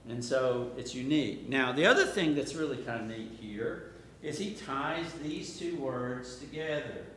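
A man's voice: mid-range voice, lively intonation, measured pace, fairly bright tone, a little hiss or hum. A man preaching a Bible-teaching sermon, explaining words and asking his listeners questions, building to emphatic points. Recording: roomy echo.

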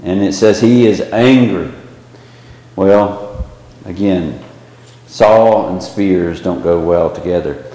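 A man's voice: low voice, takes it slowly, pauses often, warm tone. A man leading a small Bible study class, talking casually with many fillers and restarts. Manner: conversational, with frequent fillers and restarts. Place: church classroom with a small group. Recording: very echoey room.

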